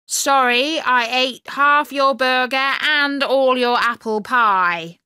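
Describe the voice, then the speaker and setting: Woman doing a careless guard guy, loud and offhand, greedy, storybook. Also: high-pitched, slow pace, smooth, no echo, clean studio sound, pitched above the performer's own voice, heavily acted.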